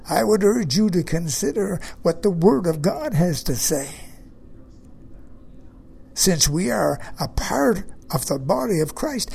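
A man's voice: high voice, vocal fry, a little mellow, slightly rough. A man preaching a sermon, emphatic, repeating key phrases and putting questions to his listeners.

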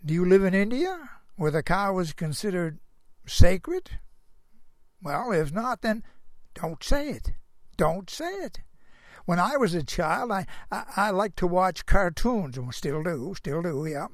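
A man's voice: high-pitched, lively intonation, unhurried, no echo, clean studio sound. An older man giving a folksy Christian moral monologue. He rambles, chuckles to himself, and keeps asking the listener rhetorical questions. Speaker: storyteller.

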